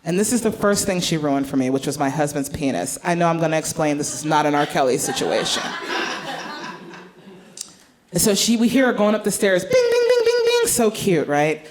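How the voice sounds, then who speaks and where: A woman's voice: low-pitched, lively intonation, a little fast. A woman comedian telling stand-up stories in a playful, exaggerated way.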